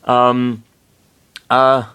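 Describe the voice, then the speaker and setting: A man's voice: medium pitch, completely flat delivery, extremely slow, bright, forceful tone, clear, resonant tone. A man reading fan fiction aloud, breaking off into self-deprecating, apologetic asides. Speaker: reader, narrator.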